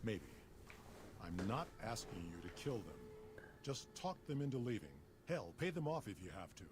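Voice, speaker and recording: A man voicing a calm super mutant town leader in a video game, speaking in clipped, matter-of-fact sentences. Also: on the low side, normal speed. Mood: weary. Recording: noisy game audio capture.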